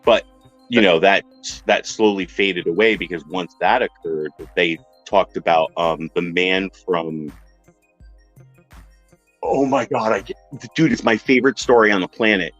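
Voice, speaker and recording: A man's voice: low voice, a little slow, no room sound, muffled recording, faint music behind. A man casually retelling a strange story on a podcast panel, acting out the voices of the people in it. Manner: animated retelling, acts out quoted voices.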